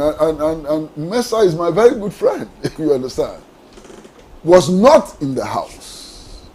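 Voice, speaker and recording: A man's voice: high-pitched, a little mellow, breathy edge, poor audio. A man, a panelist giving impassioned political commentary on a talk show, asking repeated rhetorical questions. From Ghana.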